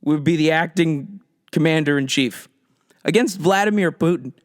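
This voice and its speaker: A man hosting a podcast, ranting sarcastically about politics in a profane, animated comedic style. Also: on the high side, moderate pace, no echo, studio quality. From United States. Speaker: podcast host.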